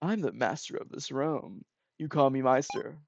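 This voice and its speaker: A streamer voicing a scheming host of a deadly game, with a low, smug drawl and a put-on southern American accent. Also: expressive, moderate pace, vocal fry, over loud music. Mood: taunting. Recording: dull lo-fi recording.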